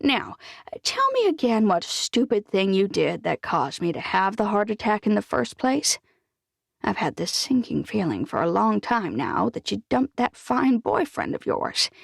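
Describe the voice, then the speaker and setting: A woman's voice: medium pitch, very animated, measured pace, creaky, husky, no room sound, clean studio sound, full character voice. A woman narrator voicing a stubborn, feisty older woman in a hospital bed who talks bluntly and teases. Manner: bossy, blunt, teasing.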